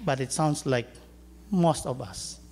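A man's voice: medium pitch, takes it slowly, gravelly, darkish tone, a little hiss or hum. A man preaching a sermon, telling a story and joking with his congregation. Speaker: pastor.

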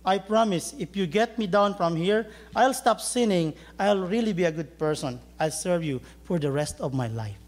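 A man voicing a panicked man stranded on a cliff, yelling and pleading for help. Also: expressive, normal speed, hardly any pauses. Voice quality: high yelling pleas.

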